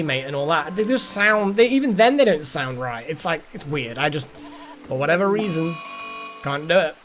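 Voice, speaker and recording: A man's voice: high-pitched, a bit bright. Rambling man streaming. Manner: rambling, swears casually, muses aloud. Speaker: game streamer. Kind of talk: casual gameplay commentary.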